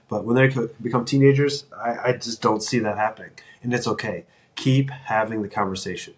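A man's voice: medium pitch, fairly quick, hardly any pauses. A middle-aged man hosting a solo podcast, talking earnestly and encouragingly, often restarting his sentences. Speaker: podcast host.

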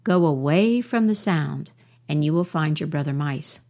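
A woman voicing a calm, wise male frog who speaks gently and instructively in a storybook tale. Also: low-pitched, normal speed.

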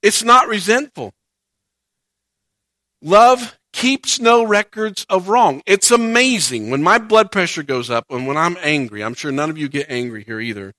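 A man preaching a sermon in a high, bright voice. He talks to the congregation like a friend, acts out their grumbling in quick little voices, then leans hard into his main points. The sound is close and dry, with almost no room around it. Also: animated, no echo. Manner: conversational preaching, rising to emphatic points, acts out quoted voices. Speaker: pastor.

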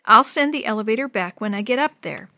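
A practical, sensible young girl, as a woman voices her in a storybook reading. She speaks calmly and decisively, in a fairly high voice. The recording is close and dry. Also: fast, no echo. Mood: steady. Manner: calm, decisive delivery.

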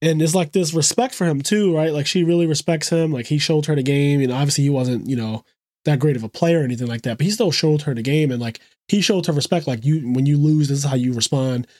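Podcast co-host, male, higher register, lively storyteller, dry booth sound. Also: dry recording. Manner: animated retelling, quick asides, frequent swearing. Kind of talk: casual chat.

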